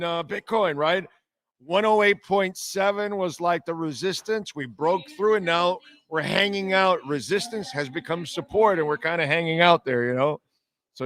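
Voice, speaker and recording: A man's voice: high-pitched, a bit bright, no room sound. A man hosting a sports radio show, rambling through a profane story and reading chat comments. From Miami. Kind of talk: casual live-stream chat.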